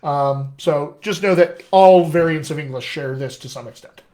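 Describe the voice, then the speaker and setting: A man with a General American accent teaches a live session as a dialect coach, his voice sitting a little higher than most men's. He explains off the cuff and keeps checking in with his listeners. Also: moderate pace, warm tone. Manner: extemporaneous, explanatory, frequent "all right?" check-ins.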